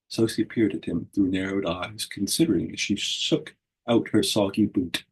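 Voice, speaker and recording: A man's voice: on the low side, steady tone, moderate pace, breathy edge, low-quality recording. A man reading a whimsical fairy story aloud at a book launch, giving the characters their own voices.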